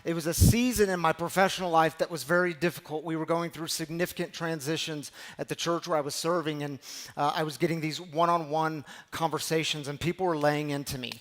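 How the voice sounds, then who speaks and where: A man preaching a sermon as pastor, telling a personal story and moving between hushed, slow passages and loud, emphatic ones. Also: on the high side, fairly even intonation. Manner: heartfelt, storytelling preacher with repeated phrases.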